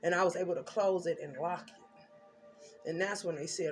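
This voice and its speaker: A woman's voice: fairly low pitch, steady tone, moderate pace, soft background music. A woman doing a tarot reading, telling her story intensely and emphatically with blunt slang. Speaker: tarot reader.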